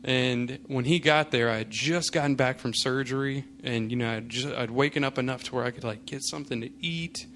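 A male pastor speaking at a middle pitch, loose and conversational, leaning on fillers as he tells a story. The telling has an easy, unhurried sermon feel. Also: fairly bright tone. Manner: casual storytelling, many fillers. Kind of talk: sermon with personal anecdote.

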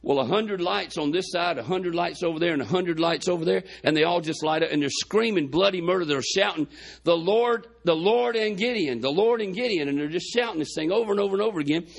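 A man's voice: a little high, quick pace, vocal fry, hardly any pauses. A man preaching a sermon, retelling a Bible story in a folksy way with quoted dialogue, his chest congested.

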